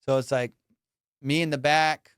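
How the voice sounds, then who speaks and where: A male comedian hosting a podcast, telling high school stories in a slangy, animated way and acting out the people in them. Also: moderate pace, clear, resonant tone, dry recording, studio quality. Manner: slangy, animated, acts out quoted voices. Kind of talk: casual storytelling.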